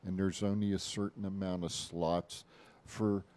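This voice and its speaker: A man's voice: low-pitched, level tone, measured pace, darkish tone. A man co-hosting a podcast in casual chat, joking and emphatic, often repeating himself. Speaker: podcast co-host.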